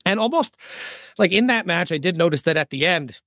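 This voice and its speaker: Relaxed male podcast host, slightly high voice, dry close-mic sound, moves the chat along. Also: no room sound. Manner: relaxed, steers the talk, fills pauses with "uh" and "um". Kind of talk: casual wrestling podcast chat.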